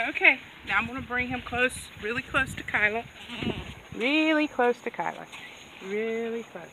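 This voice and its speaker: Speaking at a normal speed, this woman has a slightly high voice and lively intonation. She's a goat farmer vlogger, laughing a lot and coaxing her animals as she chats casually. It was recorded on a distant outdoor mic with background noise.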